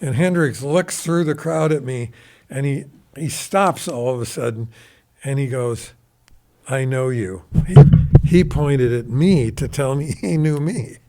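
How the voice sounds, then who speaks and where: An older man in his seventies holds the floor in a studio, spinning a long story with loose, rambling energy. His voice sits at an ordinary middle pitch, and he drops casual swear words as he talks. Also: unhurried, dark tone, slight background noise. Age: 70s. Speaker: guest guitarist. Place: recording studio.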